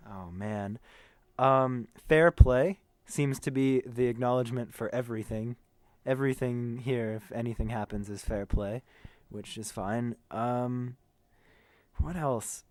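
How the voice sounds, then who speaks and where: An American man, a tour manager, chatting in an interview in an animated, joking way. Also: mid-range voice, unhurried, no echo. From United States. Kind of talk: casual interview chat.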